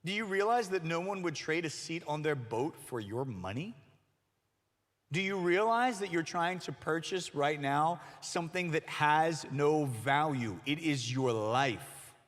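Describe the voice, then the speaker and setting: A man preaching a sermon to middle schoolers as their youth pastor, animated and acting out the voices he quotes. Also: fairly high pitch, unhurried. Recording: long hall reverb.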